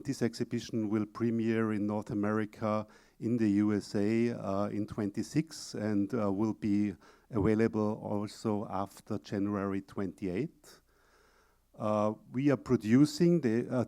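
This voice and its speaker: Austrian guy pitching exhibits, kinda low mellow voice, lots of uhs. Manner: hesitant, frequent filler sounds. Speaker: exhibition presenter. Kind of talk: conference pitch.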